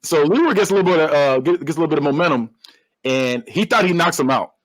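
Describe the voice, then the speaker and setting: Man, podcast host, casual film recap, lively swooping pitch, fairly high voice, dry close sound, laughs a lot. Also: quick pace, no echo, low-quality recording. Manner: animated storytelling, acts out lines, laughs often, swears casually. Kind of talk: casual movie recap chat.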